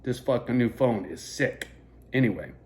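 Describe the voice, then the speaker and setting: A man vlogging into a phone camera, telling a rambling story in a heavily profane, animated rant. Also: mid-range voice, normal speed.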